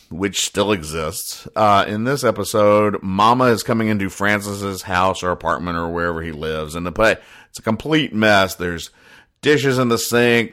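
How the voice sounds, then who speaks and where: A man's voice: lowish voice, a bit bright. A man hosting a casual show where he recaps comic strips, explaining each joke in a wry, rambling way and briefly putting on character voices. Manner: puts on quick voices for the characters. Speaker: host reading comic strips aloud.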